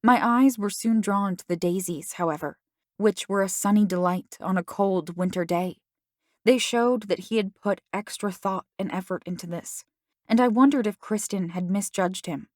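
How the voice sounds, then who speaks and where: Female audiobook narrator, measured reflective read, dry close studio sound. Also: medium pitch, no echo. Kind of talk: first-person audiobook narration.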